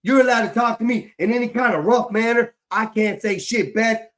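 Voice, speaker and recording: A man with a fairly high voice rants into his livestream mic. He swears constantly, circles back over the same complaints and sounds fed up. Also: brisk, hardly any pauses, a bit bright. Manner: swears heavily, repeats himself, frustrated. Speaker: livestream host. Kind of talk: angry livestream rant.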